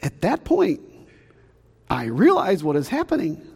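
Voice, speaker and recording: Animated Southern pastor telling a story. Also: male voice, high voice, unhurried, gravelly, pauses often, husky, long reverb tail. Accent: Southern American. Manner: animated, acts out shouts and sounds, chuckles at his own jokes. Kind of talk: storytelling sermon. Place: church sanctuary.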